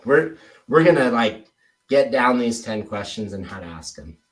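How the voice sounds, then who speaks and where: A man's voice: medium pitch, sing-song, normal speed, distant mic, poor audio. A man coaching a sales trainee through a role-play drill, stressing words with exaggerated inflections. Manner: exaggerated, emphatic inflections when demonstrating.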